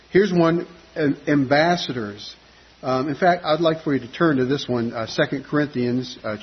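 A man's voice: mid-range voice, dull audio, a little hiss or hum. A man preaching a conversational sermon, with frequent fillers and restarts.

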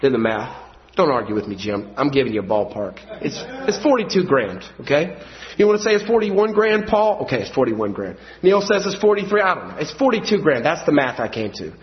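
A man preaching a sermon, moving between quiet storytelling and loud, emphatic passages. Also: mid-range voice, very animated, fairly quick. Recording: dull lo-fi sound.

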